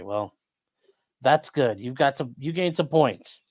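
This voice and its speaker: A man's voice: mid-range voice, animated, slow pace, darkish tone. A man who is a lawyer chats casually on a livestream, joking and reading viewer comments aloud.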